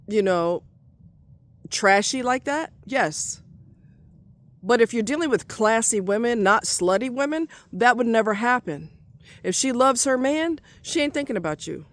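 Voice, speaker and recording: A middle-aged woman ranting angrily in a vlog, swearing a lot and repeating herself for emphasis. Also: on the high side. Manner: heated, profane, repetitive ranting. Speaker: vlogger. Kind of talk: angry vlog rant.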